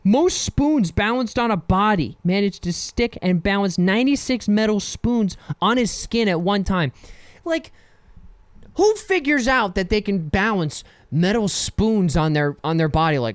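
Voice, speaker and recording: A man's voice: high-pitched, lively intonation, measured pace, no room sound. Rambling, jokey male podcast host. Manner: rambling, jokey, laughs often. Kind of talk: casual solo podcast.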